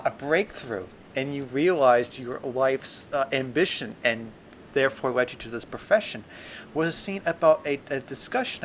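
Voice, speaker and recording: A man playing a fawning interviewer in an improvised comedy sketch, stammering and overly flattering. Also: medium pitch, slight background noise, natural voice. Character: fawning male interviewer, gushing. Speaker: mock interviewer.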